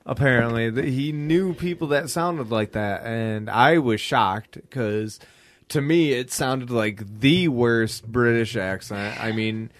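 A man's voice: medium pitch, slow pace, no echo. A young man co-hosting a podcast in casual chat, rambling with fillers and swearing as he laughs. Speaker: podcast co-host.

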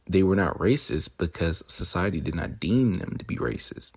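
A man's voice: deep voice, animated, normal speed, few pauses, husky. A young man hosting a podcast, talking in a rambling, swaggering, profane monologue, with crude jokes and mock-lecture asides. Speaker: podcast host.

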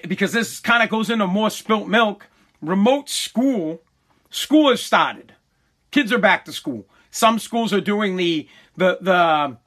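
A man ranting in a casual, comic way, exasperated and griping, often stammering and repeating his words. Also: high-pitched. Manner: shouts when quoting himself.

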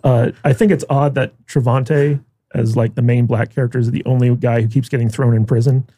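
A man's voice: medium pitch, steady tone, fairly quick, warm tone, breathy edge, dry recording. A man co-hosting a podcast, chatting casually and rambling through his points with fillers and restarts. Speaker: podcast co-host. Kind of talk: casual chat about a TV series.

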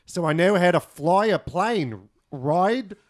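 A man's voice: high-pitched, expressive. A man voicing a cocky Australian country guy in a put-on Australian accent, hamming it up. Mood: boastful. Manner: halting, hamming it up.

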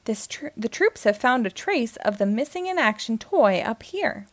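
A woman voicing a gruff male toy army sergeant who barks his replies. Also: a little high, sing-song, moderate pace, no echo. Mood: barking. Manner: barking military replies.

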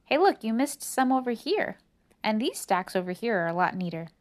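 A bossy little girl who teases with a know-it-all lilt, as a woman reading a storybook puts her on. Her voice rides above the reader's usual pitch. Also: big pitch swings, normal speed.

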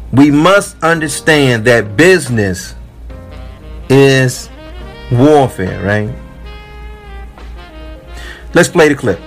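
A man giving emphatic, sermon-like commentary on a video, repeating his points for his audience. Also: medium pitch. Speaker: commentary vlogger. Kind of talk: preachy commentary.

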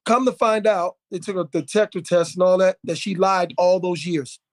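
A man hosting a podcast, telling a story in a lively way, acting out quotes with plenty of fillers and restarts. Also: sits high, normal speed, no echo. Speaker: podcast host. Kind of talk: casual podcast conversation.

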